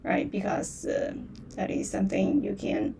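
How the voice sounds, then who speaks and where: A woman's voice: unhurried, dark tone, recorded from a distance, slight background noise. A woman teaching beginner on a livestream, patiently repeating words and tones with many fillers; is her language. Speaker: Mandarin teacher.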